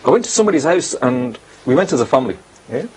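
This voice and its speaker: A man's voice: mid-range voice, sing-song, quick pace, darkish tone, breathy edge, low-quality recording. A man hosting a religious talk show, speaking earnestly and stressing points by repeating them. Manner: earnest, storytelling with repeated emphasis.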